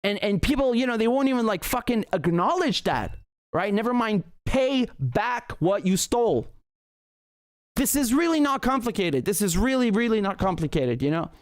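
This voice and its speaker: A man's voice: high voice, sing-song, normal speed, no echo, clean studio sound. A man hosting a livestream political commentary show, ranting heatedly with profanity and frequent restarts. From Britain.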